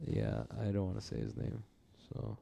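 A young man co-hosts a podcast in a slightly low, mellow voice. He sounds laid-back and mumbles, often trailing off halfway through a thought and calling people "dude.". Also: sing-song, normal speed, creaky, slight background noise. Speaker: podcast co-host. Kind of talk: casual podcast banter.

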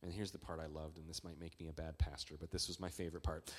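A man preaching a sermon as pastor, talking in a conversational way that builds to excited emphasis. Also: extremely low pitch, fast, few pauses, husky. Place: church hall. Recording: long reverb of a large church hall.

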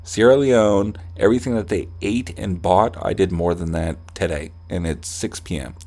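A man's voice: sits low, moderate pace, vocal fry, warm tone, slightly rough. A man hosting a podcast, ranting with heavy swearing and slipping into mocking voices of corporate staff. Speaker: podcast host. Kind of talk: profane comedic rant.

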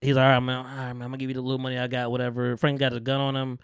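A podcast host chatting casually, retelling a TV episode with lots of slang and acting out the characters' lines. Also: male voice, mid-range voice, very fast, clean tone, no room sound, studio quality. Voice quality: profane, loose slang-heavy delivery. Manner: animated storyteller, acts out characters' lines in voices. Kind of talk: casual chat recapping a TV show.

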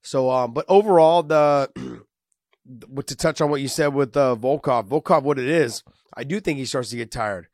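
A man talks through fight matchups in a casual, emphatic ramble, his voice raspy from a cold. His pitch sits in a middling range. The sound is close and dry, with no room in it. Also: normal speed, darkish tone, no echo. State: has a cold, raspy voice and coughing. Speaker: co-host, fighter analyst. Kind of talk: casual fight breakdown chat.

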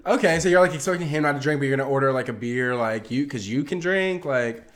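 A man co-hosting a movie review podcast in loose, casual chat. He retells scenes with animation and slips into the characters' lines. His voice sits at an ordinary middle pitch. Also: fast. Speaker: podcast co-host.

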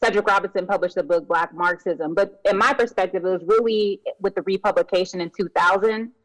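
A female academic guest answering interview questions from her home in a measured, explanatory way. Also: mid-range voice, fairly bright tone, no room sound, low-quality recording.

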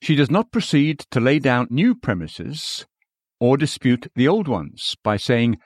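A man reading a sermon aloud in measured, formal, old-fashioned preaching language. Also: medium pitch, sing-song, dry recording, studio quality. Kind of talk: read sermon.

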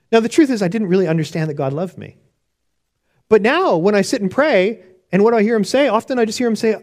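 A man's voice: high-pitched, expressive, fast, a little mellow. A man preaching a sermon on prayer in an earnest, conversational way, often restarting his sentences. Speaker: pastor.

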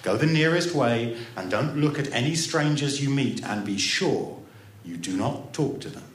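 A man reading a story aloud and voicing a caring, anxious mother who fusses and hurries out quick warnings. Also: medium pitch, animated, close to an everyday voice. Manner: fussing, giving quick warnings. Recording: roomy echo.

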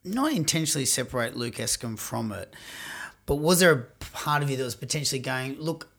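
A man's voice: mid-range voice, lively intonation, fairly quick, vocal fry, fairly bright tone. A man interviewing a guest, with lots of encouraging backchannels and long winding questions. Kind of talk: casual interview.

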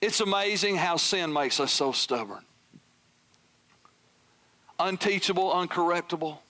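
A man preaching a sermon as pastor, swinging from loud emphatic peaks down to hushed, near-whispered lines. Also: sits high, lively intonation, measured pace.

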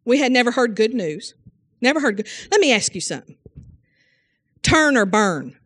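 Very animated and speaking at normal speed, a woman with a fairly high, slightly bright voice delivers a fervent Bible sermon. She uses homespun, folksy wording, exclaims amen and hallelujah often, and calls on listeners by name with direct questions.

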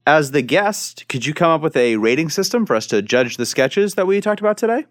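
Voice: mid-range voice, big pitch swings, fairly quick, no echo, studio quality. A host moderating a casual comedy panel, moving the talk along and wrapping things up. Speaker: podcast host. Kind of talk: hosting a casual discussion.

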